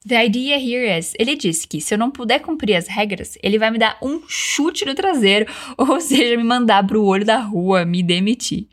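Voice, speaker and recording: A woman teaching English, giving slow, clearly spoken repeat-after-me drills and switching into Portuguese to explain. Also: a little high, animated. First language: Brazilian Portuguese. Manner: slow, carefully enunciated model sentences.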